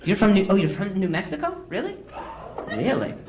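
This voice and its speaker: A man's voice: high-pitched, wildly swooping pitch, fairly quick, a little mellow. A man doing crowd work stand-up, stuttering and repeating sounds as he mocks himself. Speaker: stand-up comedian. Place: comedy club stage. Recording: live crowd and room noise.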